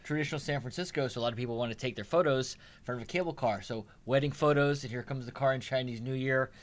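Male guest, cable car worker, rapid chatty explainer. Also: medium pitch. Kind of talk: casual conversation.

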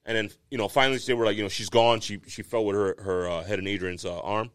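A man's voice: fairly low pitch, fairly even intonation, quick pace, a bit bright. A man co-hosting a casual podcast, telling a long story with plenty of swearing and laughter. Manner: storytelling, swearing, laughing through a sad tale. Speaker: podcast co-host.

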